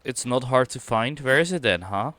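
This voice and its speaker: A man's voice: mid-range voice, expressive, a bit bright, soft background music. A man streaming a game, thinking aloud and reacting casually as he explores. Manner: thinking aloud, quick reactions, reads dialogue. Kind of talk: casual gameplay commentary.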